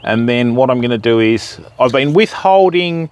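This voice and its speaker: An Australian man with a medium-pitched, animated voice talks at a moderate pace while hosting a fishing livestream outdoors by a river. He chats casually, jokes around and greets viewers by name.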